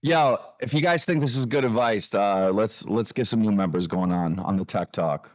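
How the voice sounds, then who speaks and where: A man hosting a livestream, scolding and mocking a co-host in a loud, profane rant. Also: fairly low pitch, normal speed. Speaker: show host.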